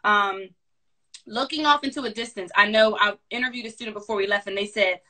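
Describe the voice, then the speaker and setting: A woman career advisor giving interview tips in a fast, animated, sassy casual chat. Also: fairly high pitch.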